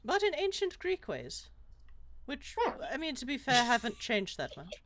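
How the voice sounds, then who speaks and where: A woman talking animatedly as a player in a tabletop role-playing game, with quick asides and frequent laughter. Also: high voice, wildly swooping pitch, fairly bright tone, a little hiss or hum. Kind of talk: casual tabletop role-play.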